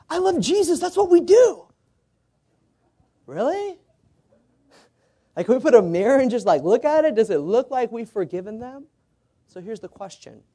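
Guy preaching in church, warm mellow tone, talks like a chat, gets the crowd to answer back. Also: sits high. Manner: conversational, coaxing, calls for congregation responses. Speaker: pastor. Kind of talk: sermon.

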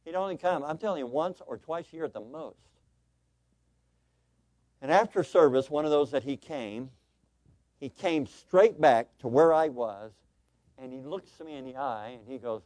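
A man preaching a sermon as pastor, telling a story with animated voices before turning earnest and exhorting his congregation. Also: on the high side, normal speed, long pauses, no echo.

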